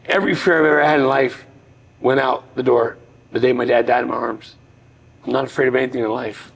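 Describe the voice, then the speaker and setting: Podcast guest, middle-aged man, gravelly voice, earnest and reflective storyteller. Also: medium pitch, low-quality recording. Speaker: podcast guest, former boxer. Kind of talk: personal storytelling in conversation.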